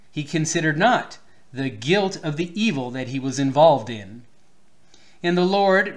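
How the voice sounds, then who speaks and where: A man preaching a sermon, reading an old theological text aloud and stopping now and then to explain a word or fix a slip. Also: a little high. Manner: reads archaic text aloud, stops to explain words, restarts.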